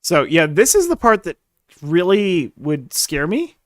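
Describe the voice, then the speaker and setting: A man's voice: on the high side, huge pitch swings, a little slow, no echo, clean studio sound. A man co-hosting a live podcast, reading news and adding wry commentary. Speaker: podcast co-host.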